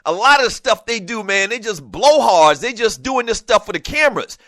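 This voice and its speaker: Passionate high-voiced male sports talk host. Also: a little fast, dry recording, clean studio sound. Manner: passionate, animated, often escalating into shouting. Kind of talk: sports talk radio monologue. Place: radio studio.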